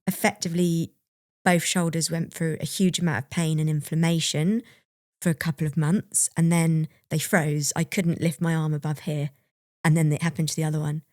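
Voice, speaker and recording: A woman's voice: low-pitched, flat delivery, normal speed, darkish tone, no echo, clean studio sound. A young adult woman co-hosting a podcast, candidly and reflectively telling a personal story and laughing now and then. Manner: open, reflective, laughs while recalling. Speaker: podcast co-host.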